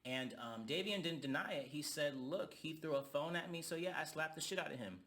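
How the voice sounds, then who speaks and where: A man's voice: on the high side, a little fast, a bit bright. A young man giving a heated, profane rant reviewing a reality TV reunion. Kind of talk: ranting commentary.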